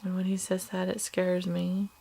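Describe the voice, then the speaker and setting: An upset woman, a mother of two small children, talking haltingly into a video diary, now and then dropping to a whisper. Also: on the low side, completely flat delivery, gravelly, warm tone. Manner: halting, hesitant, many fillers and restarts; subdued, drops at times to a whisper.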